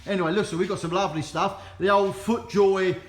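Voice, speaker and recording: Cockney man, middle-aged, jokey auction walk-through, high voice, keeps saying right. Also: steady tone, brisk, soft background music. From London, England. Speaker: auctioneer giving a preview tour. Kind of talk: casual walk-through chat. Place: auction building, walking indoors.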